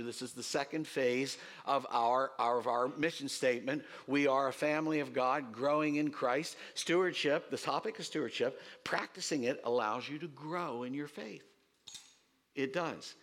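A male pastor delivers a sermon with lots of pitch movement, his voice leaping up on emphatic points and dropping low for asides. He repeats his main lines for weight and slips in quick, conversational remarks to the congregation. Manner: animated preaching, swooping pitch, quick asides.

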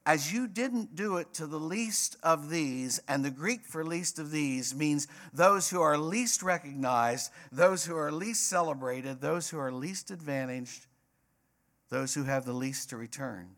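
A man's voice: on the high side, animated, unhurried, fairly bright tone. A man preaching a sermon as pastor, emphatic and repetitive, rising to passionate peaks.

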